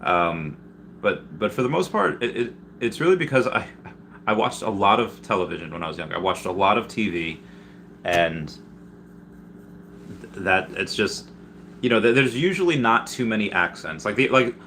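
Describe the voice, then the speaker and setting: A man's voice: lowish voice, animated, moderate pace, pauses often, bright, forceful tone, a little hiss or hum. A man from Peru hosting a casual live stream, reading viewer comments aloud and answering them in a rambling way, often restarting his sentences. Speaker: livestreamer answering chat.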